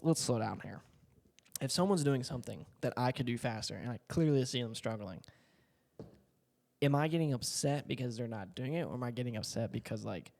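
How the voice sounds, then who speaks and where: A young man from Puerto Rico riffs casually to the camera, swearing and piling on fillers and asides. His voice has a gravelly, fried texture at a middle pitch. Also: darkish tone, long reverb tail. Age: 20s. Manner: slangy, profane, full of fillers and asides. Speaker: content creator. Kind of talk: casual rambling monologue.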